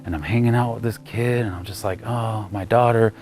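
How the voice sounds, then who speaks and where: A man in his thirties preaching a sermon as pastor, telling stories and acting out the voices, loud one moment and nearly whispering the next. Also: on the low side, brisk, faint music behind. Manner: animated storyteller acting out voices, ranging from loud to near whisper. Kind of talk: sermon with personal storytelling.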